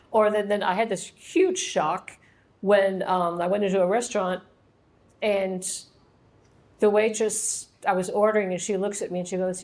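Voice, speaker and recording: A woman's voice: medium pitch, moderate pace, darkish tone. A middle-aged woman from Ohio, chatting as an author at her book launch and answering questions with laughs and little acted-out dialogues. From Ohio, USA. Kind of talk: casual Q&A talk.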